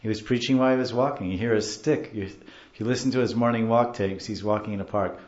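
Animated man teaching scripture, lo-fi sound. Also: fairly low pitch, fast, echoey room. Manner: animated, repeats and explains terms. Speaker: spiritual teacher. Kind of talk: scripture class lecture.

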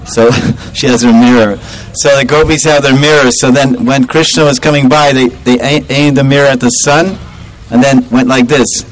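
A man telling a devotional story in an animated way, chuckling and acting out the characters. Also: medium pitch, normal speed, few pauses, slight background noise, poor audio. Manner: animated, chuckling, acts out voices.

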